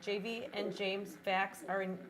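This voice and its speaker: A woman from Iowa, a paranormal investigator reacting excitably on a live ghost-hunting stream. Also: medium pitch, poor audio. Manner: excitable, quick reactions, exclamatory.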